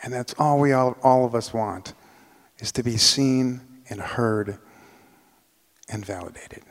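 A man's voice: medium pitch, takes it slowly. Man telling a story in a reverberant hall. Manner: animated, acts out quoted voices. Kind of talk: live personal storytelling.

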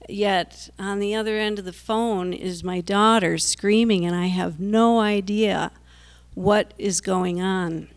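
A woman's voice: mid-range voice, fairly even intonation, slow pace, clear, resonant tone. A middle-aged woman telling a personal story to an audience, earnest and anxious, a self-described worrier. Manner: breaks into nervous laughs.

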